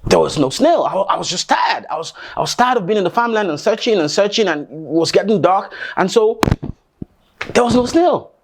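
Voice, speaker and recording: A man voicing a young boy who shouts for his father and then sheepishly owns up. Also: lively intonation, fairly quick, noisy background. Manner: high, shouting from afar. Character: young boy, tired and fibbing.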